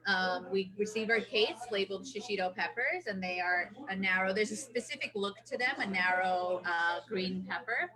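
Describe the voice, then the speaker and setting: A woman running a restaurant tells an animated story, slipping into the voices of the people in it. Her voice sits in an ordinary middle register. Loud crowd chatter fills the busy dining room behind her. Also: medium pitch, normal speed, hardly any pauses, poor audio. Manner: animated storyteller, acts out quotes. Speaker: restaurant owner. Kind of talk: casual storytelling interview.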